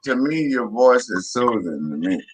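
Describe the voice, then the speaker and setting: A man's voice: medium pitch, big pitch swings, a little slow, a crowd in the background, low-quality recording. A man from the Southern United States with a Southern accent, chatting in laid-back slang in a casual group voice chat. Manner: laid-back slang, repeats "you get me".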